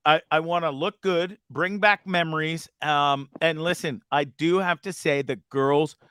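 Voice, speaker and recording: Dude host telling a bar story, bright clear voice, laughing a lot, dry close sound. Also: male voice, fairly high pitch, unhurried, no room sound. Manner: animated, laughing, bro-ish banter. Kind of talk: casual storytelling chat.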